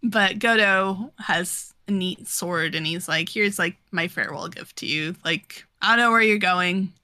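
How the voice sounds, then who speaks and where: A woman co-hosting a podcast, retelling a comic story in casual chat, animated and quick to voice the characters, laughing often. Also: lowish voice, dry recording. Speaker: podcast co-host.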